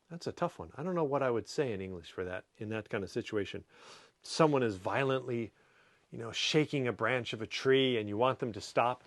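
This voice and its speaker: Male host, middle pitch, relaxed chatty read of viewer comments on a casual stream. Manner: breaks into playful high scolding voices. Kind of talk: casual livestream comment reading.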